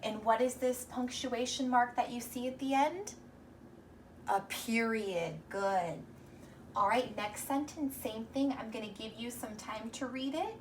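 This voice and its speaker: A woman's voice: a little high, a little hiss or hum. Encouraging woman teacher, slightly distant mic. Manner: slow, encouraging, sounding out words sound by sound. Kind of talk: reading lesson for young children.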